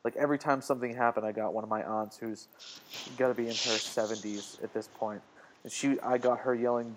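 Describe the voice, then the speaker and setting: A man's voice: lowish voice, fairly even intonation, fairly quick, slight background noise. A man co-hosting a casual podcast, telling a story in a joking way with laughs and swearing. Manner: jokey, laughs a lot, swears. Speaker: podcast co-host. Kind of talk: casual chat.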